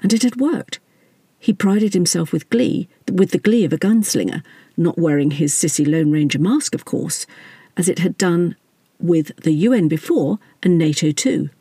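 Wry narrator, husky tone, dry close mic, satirical chapter read. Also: mid-range voice, animated, moderate pace, warm tone, dry recording. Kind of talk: scripted audiobook narration.

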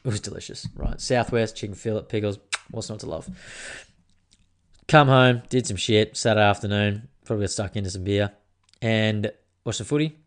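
A man's voice: lowish voice, fairly even intonation, moderate pace. A man, rambling and joking through a casual solo podcast, swearing freely. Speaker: podcast host.

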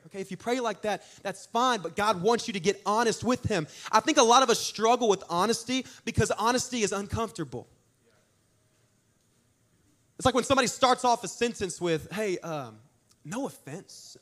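A young man preaches like a youth pastor, talking to his congregation as if chatting with friends. His voice sits high for a man, and he tells stories with lively emphasis and quick punchlines. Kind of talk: sermon.

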